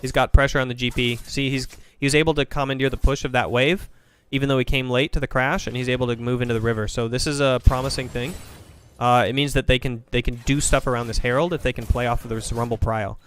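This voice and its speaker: A man commentating a video game match, breaking plays down quickly and thinking aloud. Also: mid-range voice, steady tone, a bit bright, clean tone. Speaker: esports caster. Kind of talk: play-by-play and analysis commentary.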